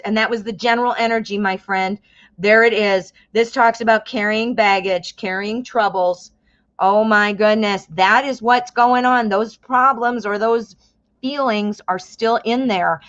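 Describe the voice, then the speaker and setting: A talkative woman in her fifties reads tarot cards on a live stream and exclaims freely as she goes. Her voice sits at an ordinary middle pitch. The sound is a little dull and lo-fi. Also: no echo. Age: 50s. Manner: chatty, excitable, exclaims often. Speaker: tarot reader.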